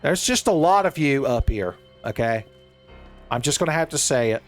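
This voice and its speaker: A man giving casual, jokey let's-play commentary, rambling and breaking into excitable outbursts. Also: medium pitch, moderate pace, soft background music. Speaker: gaming streamer.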